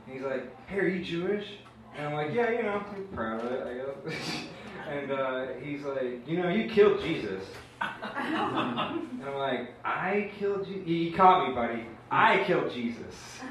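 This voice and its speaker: A man's voice: mid-range voice, fairly bright tone, a little hiss or hum. A young man doing a rambling, self-deprecating open mic stand-up set, full of fillers. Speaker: stand-up comedian. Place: small open mic room, audience laughing. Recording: echoey live room bootleg from far off.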